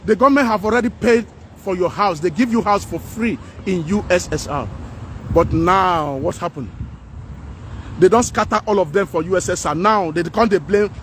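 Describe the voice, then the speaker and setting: A man's voice: high voice, normal speed, fairly bright tone, a little hiss or hum. A man delivering a fervent, repetitive to-camera rant outdoors by houses on a street. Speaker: vlogger.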